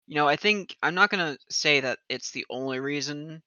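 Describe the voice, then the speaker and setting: A man's voice: on the high side, moderate pace, pushed and bright, no echo, highs cut off. A man chatting casually on a podcast, rambling with lots of fillers. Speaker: podcast regular and streamer. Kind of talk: casual chat.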